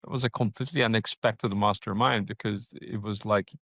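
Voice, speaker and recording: A man hosting a podcast interview, musing out loud with halting restarts and searching questions. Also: lowish voice, fairly even intonation, dry recording. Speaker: podcast host. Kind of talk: casual interview conversation.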